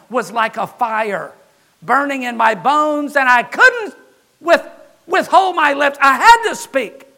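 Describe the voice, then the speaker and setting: A man preaching a sermon as pastor, older, with impassioned delivery that rises to shouts on key words. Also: extremely high pitch, vocal fry.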